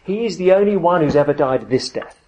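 A man preaching a sermon in a conversational, emphatic way, dropping to soft, earnest tones. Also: fairly high pitch, lively intonation, fairly quick, lo-fi sound.

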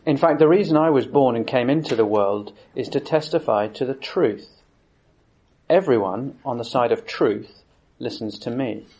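A man reading the part of a calm prisoner answering his judge, in a plain, measured voice. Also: mid-range voice, slightly rough.

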